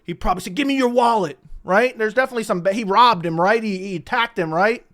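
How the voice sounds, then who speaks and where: A man's voice: sits high, fast talker, pushed and bright. Sarcastic profane man commentator. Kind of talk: reaction commentary on interview clips.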